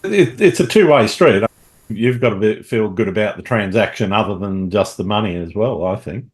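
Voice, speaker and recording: A man's voice: fairly low pitch, lively intonation, normal speed. A man hosting an interview, asking questions and often giving short agreeing replies. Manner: mostly short backchannel replies. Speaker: podcast host. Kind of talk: casual interview conversation.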